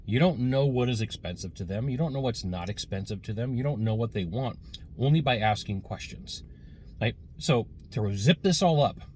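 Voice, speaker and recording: A man's voice: medium pitch, animated, normal speed, a little mellow, slight background noise. A man giving a casual, rambling sales lesson with many fillers and restarts, recorded while sitting in a car. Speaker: sales trainer.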